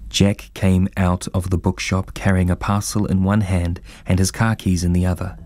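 Deep-voiced man reading a story. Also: flat delivery, moderate pace, a little mellow. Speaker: narrator.

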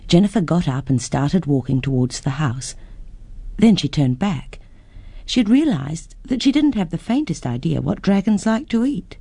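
A woman reading a children's story aloud with lively expression. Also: sits low, normal speed, breathy edge, no echo.

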